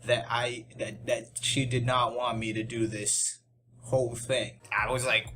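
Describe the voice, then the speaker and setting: A man's voice: medium pitch, little pitch movement, measured pace, sharp tone. A young man telling a story in a casual vlog, rambling and self-deprecating, with many restarts and asides. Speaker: YouTube channel host. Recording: music bed under the voice.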